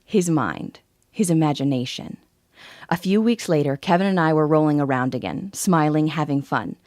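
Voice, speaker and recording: A woman's voice: deep voice, moderate pace, a little mellow, no echo, studio quality. A woman in her forties narrating a scripted first-person sales story in an intimate, confiding way. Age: 40s.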